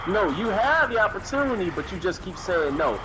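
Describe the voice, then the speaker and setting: A man's voice: sits high, sing-song, brisk, noisy background. A young man in casual gaming chat, teasing his friend with opinionated banter. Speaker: gamer. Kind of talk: casual chat while playing a game.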